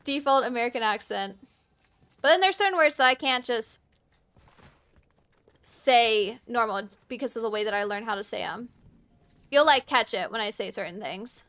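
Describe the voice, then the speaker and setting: High, clear-voiced Virginian woman streamer. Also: lively intonation, fairly bright tone. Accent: Virginian Southern. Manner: chatty and rambling, with frequent "like" and quick laughs. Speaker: game streamer. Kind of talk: casual live-stream chat while gaming.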